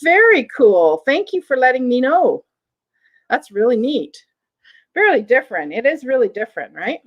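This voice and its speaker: A woman's voice: high-pitched, big pitch swings, normal speed, highs cut off. A woman with a Southern American accent hosting a live online vintage sale in a chatty way, reading viewer comments aloud between descriptions of items. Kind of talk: live-stream sales chat.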